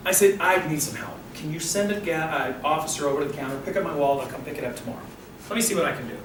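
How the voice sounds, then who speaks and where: An older man giving a motivational talk, telling a story with animated acted-out voices. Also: fairly high pitch, rapid-fire. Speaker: motivational speaker. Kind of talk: storytelling speech. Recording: roomy, distant mic with faint noise.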